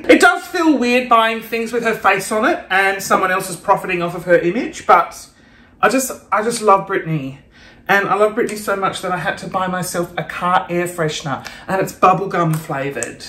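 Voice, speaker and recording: Playful man in a roomy room. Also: high voice. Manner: playful, camp, self-mocking, with bursts of excited gasps. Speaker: vlogger. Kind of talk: casual haul vlog. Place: room at home. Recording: roomy home recording.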